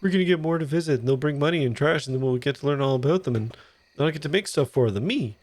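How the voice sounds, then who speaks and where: A man's voice: on the high side, a little mellow, voice pushed up. A man doing an eager young bear son. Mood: earnest. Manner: earnest, keen, quick.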